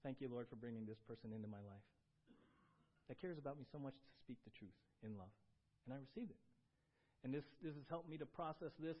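A man preaching a sermon as pastor, shifting between quiet confession and loud, urgent exhortation. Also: mid-range voice, brisk, long pauses, lo-fi sound.

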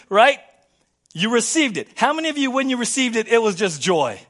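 A man preaching a sermon as pastor in a church, playful and animated, acting out little scenes for the congregation. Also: high-pitched, brisk. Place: church sanctuary.

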